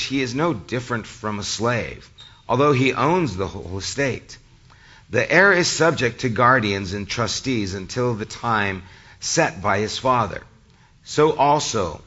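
A male pastor preaching a sermon, his voice a little hoarse from a cold, speaking conversationally to the congregation. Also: mid-range voice, a bit bright, highs cut off. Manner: conversational, addresses the congregation directly.

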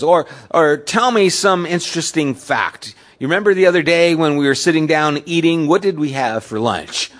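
A pastor preaching a sermon in a conversational way, asking his listeners questions and swinging between loud emphasis and soft, low asides. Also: normal speed, hardly any pauses. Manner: conversational, asks the audience questions.

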